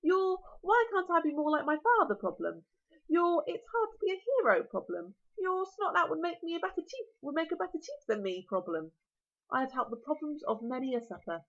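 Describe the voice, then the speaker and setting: Storybook dragon: a huge, smug male beast, cheerfully menacing, read by a British woman, lively and high, lo-fi. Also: brisk. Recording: lo-fi recording.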